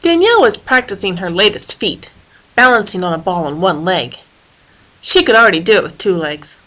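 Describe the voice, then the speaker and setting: A woman reading a children's animal story aloud in a lively, expressive way. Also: medium pitch, fairly quick, low-quality recording.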